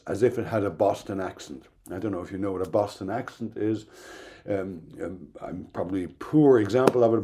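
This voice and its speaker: A middle-aged man giving a recorded university lecture in an explanatory, thoughtful way, pausing now and then with "um". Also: fairly low pitch, warm tone. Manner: explanatory, thoughtful, with occasional ums and restarts.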